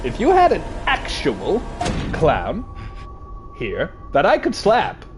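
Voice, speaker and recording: A man giving live gameplay commentary as a streamer, excitable and prone to panic, swearing and talking to his chat and to game characters. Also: a little high, takes it slowly, over music.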